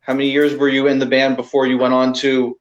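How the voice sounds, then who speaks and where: A man co-hosting an interview asks questions in a halting way and keeps rephrasing mid-sentence. His voice comes through with a roomy echo around it. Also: medium pitch, monotone, highs cut off. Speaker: co-host.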